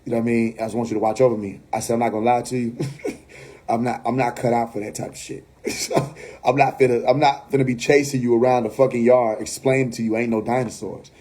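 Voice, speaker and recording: A man, telling a story casually on a live stream, animated and laughing often, dropping to a low mumble when he quotes his friends. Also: fast talker. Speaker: livestream host.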